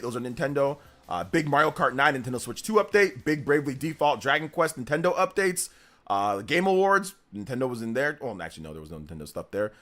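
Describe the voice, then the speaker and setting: Lively man hosting a gaming livestream. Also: medium pitch. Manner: animated storyteller, laughs often, answers chat questions. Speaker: gaming news livestream host. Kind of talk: casual livestream chat.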